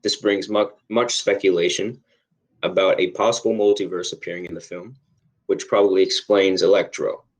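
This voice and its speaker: A young man with a very deep, low-pitched voice chats on a podcast. He speaks hesitantly and fills his sentences with "like" and "you know.". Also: steady tone, moderate pace, poor audio. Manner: hesitant, filler-heavy. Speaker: podcast cohost. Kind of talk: casual chat.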